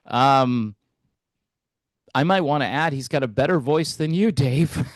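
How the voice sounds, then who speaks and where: A man hosting a music commentary channel, talking in a relaxed, hesitant way with wry asides. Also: medium pitch, a little slow, dry recording, clean studio sound. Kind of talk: casual reaction commentary.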